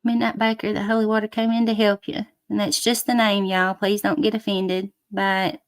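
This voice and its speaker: A woman's voice: mid-range voice, level tone, normal speed, clear, resonant tone, dry recording, studio quality. A woman hosting a casual livestream, greeting viewers with endearments and breaking into swearing rants. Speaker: livestream host. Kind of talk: casual live chat reading comments.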